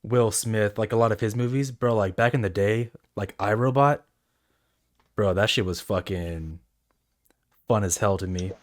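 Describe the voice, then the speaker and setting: Young male co-host, lowish voice, loose swearing chat style. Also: moderate pace. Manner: relaxed, profane, rambling with many fillers. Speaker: podcast co-host. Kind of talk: casual chat.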